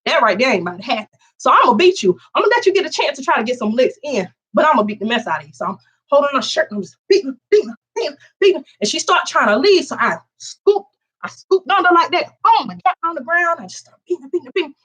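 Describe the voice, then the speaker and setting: Fast-talking woman telling a story. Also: sits high. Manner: animated, acts out quotes in raised voice. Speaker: vlogger. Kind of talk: casual storytelling.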